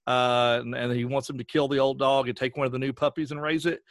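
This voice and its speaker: A man's voice: mid-range voice, fast, dry recording, clean studio sound. A man with a Southern Appalachian accent, a voice actor chatting as a podcast guest and acting out voices as he tells stories. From western North Carolina. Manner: animated storyteller who acts out voices. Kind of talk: casual chat.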